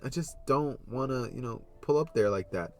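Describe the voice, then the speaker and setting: A man's voice: mid-range voice, expressive, moderate pace, a little mellow, faint music behind, lightly acted. A man voicing a flustered teenage boy hero who stammers and repeats himself in a panic.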